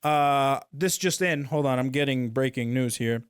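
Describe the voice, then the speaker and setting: A man's voice: mid-range voice, normal speed, smooth. Man host laying out game rules. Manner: explains rules step by step, checks in with "okay?". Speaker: talk show host. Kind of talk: casual chat.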